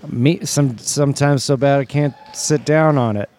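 A man doing improvised comedy as a color commentator, riffing absurd bits in a deadpan way. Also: mid-range voice, normal speed, soft background music.

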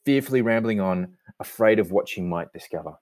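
Brief: low-pitched male host, dry teasing humor, reads scene directions. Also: a little fast, darkish tone, no echo. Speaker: host and narrator. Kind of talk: joking chat and scene narration.

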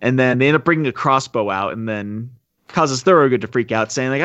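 A man's voice: medium pitch, a little fast, fairly bright tone, no echo, muffled recording. A man co-hosting a podcast, recapping a film in a rambling, casual way. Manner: rambling storyteller, acts out quotes. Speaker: podcast co-host.

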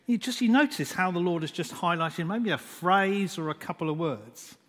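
A man's voice: sits high, expressive, fairly bright tone. A man gives a sermon in a slightly raised voice, lingering over single words and leaning on "just" again and again. His voice rings out with a long hall reverb behind it. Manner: unhurried, repeats "just" often, dwells on single words. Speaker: preacher.

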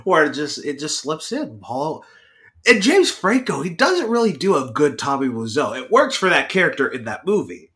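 Lively, bright-voiced young man joking around. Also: on the high side, moderate pace. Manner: playful and giggly, teasing. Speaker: podcast co-host. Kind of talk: casual chat.

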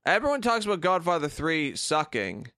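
Man, fairly high voice, blunt and sweary podcast co-host, dry close mic. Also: big pitch swings, moderate pace, sharp tone, no room sound. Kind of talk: casual chat.

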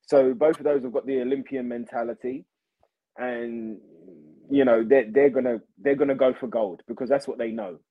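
A man chatting as a podcast guest, animated and repeating himself, calling people mate and bro. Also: medium pitch, normal speed, phone-quality sound. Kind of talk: casual chat.

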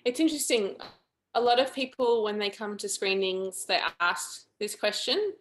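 A woman's voice: medium pitch, animated, normal speed. A woman filmmaker being interviewed, speaking in a thoughtful, earnest and chatty way. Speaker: documentary filmmaker, guest. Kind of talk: interview conversation.

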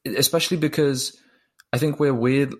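A man's voice: mid-range voice, steady tone, moderate pace, husky. A man talking through a film in a casual chat, thoughtful and a little hesitant, often repeating words. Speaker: film reviewer.

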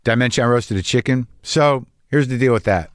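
A man's voice: mid-range voice, a little fast, clean tone, dry recording, clean studio sound. Rambling, earnest middle-aged man. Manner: rambling, earnest, swears casually. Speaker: actor. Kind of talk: casual personal vlog monologue.

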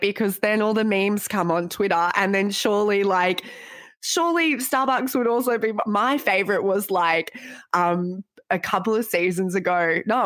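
A woman's voice: medium pitch, a bit bright, dry recording, studio quality. A woman co-hosting a TV recap podcast, bubbly and rambling, full of "like"s. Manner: chatty, bubbly, rambling with many "like"s. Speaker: podcast co-host. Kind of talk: casual chat.

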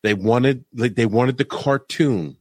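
A man's voice: mid-range voice, a little slow, darkish tone, no room sound, clean studio sound. A man who used to wrestle professionally, chatting on a podcast, telling stories with frequent laughs and stammered restarts. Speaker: former pro wrestler. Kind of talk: casual podcast chat.

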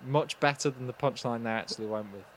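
A man hosting a casual comedy chat, delivering cracker jokes in a dry, deadpan way. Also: mid-range voice, quick pace.

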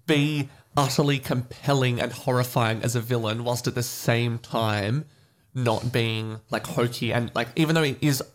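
A man co-hosting a relaxed film podcast, with a mid-range voice that sits in the middle of the male register. He talks fast and eagerly, tripping over repeated words as his enthusiasm runs ahead of him. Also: medium pitch. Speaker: podcast co-host. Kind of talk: casual film review chat.

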